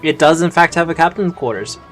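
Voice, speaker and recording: A man running a tabletop game as game master, calmly walking players through the rules with plenty of fillers. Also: fairly high pitch, brisk, soft background music. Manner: easygoing, explains rules step by step with fillers.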